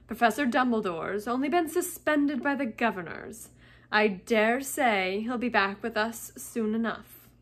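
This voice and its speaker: A woman reading aloud, voicing a cold, stern male professor who speaks slowly and clipped. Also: a little high.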